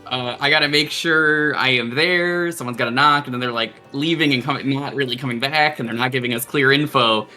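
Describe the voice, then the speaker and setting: A man from Long Island hosting a game stream who talks casually and breaks into profane, excitable rants. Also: mid-range voice, a little fast, few pauses, soft background music. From Long Island, New York. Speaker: streamer host.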